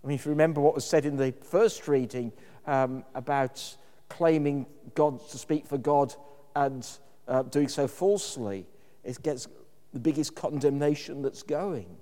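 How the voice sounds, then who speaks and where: A man's voice: medium pitch, a little slow, warm tone, in a large hall. A man preaching a sermon in a thoughtful, conversational way, with occasional fillers.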